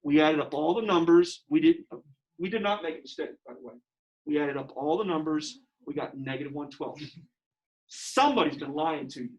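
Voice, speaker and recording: A man teaching a geometry class. He talks in an animated, joking way and rises to near-shouting at times. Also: fairly high pitch, brisk, lo-fi sound. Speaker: high school geometry teacher. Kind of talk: classroom lecture.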